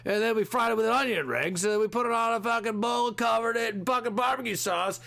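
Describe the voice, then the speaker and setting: A man mocking a boastful male food-show cook, shouting a profane, over-the-top pitch for a giant stacked sandwich. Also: fast talker, gravelly, exaggerated voice. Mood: bragging.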